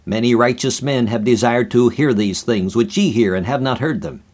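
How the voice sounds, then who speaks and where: A grave stranger intoning old scripture slowly and solemnly, as a man reading a radio sermon gives him voice. His pitch sits in the middle, and every phrase lands with weight. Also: darkish tone, lightly acted. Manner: archaic biblical phrasing, grave and measured. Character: solemn mysterious male stranger speaking scripture.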